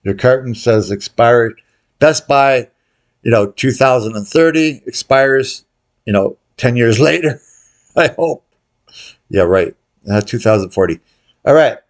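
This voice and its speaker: A man's voice: mid-range voice, animated, measured pace, long pauses. An older man hosting a gambling tutorial, calling out bets to viewers in a casual, joking way. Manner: chatty, jokey, calls out bets to viewers. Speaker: baccarat tutorial host. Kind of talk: casual commentary over live bets.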